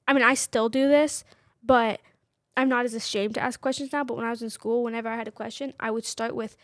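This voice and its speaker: A woman's voice: fairly high pitch, fairly even intonation, quick pace, no room sound, studio quality. Young woman chatting candidly, full of fillers. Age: 20s. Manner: candid, personal, constant "like" fillers. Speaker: podcast co-host. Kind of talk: casual chat.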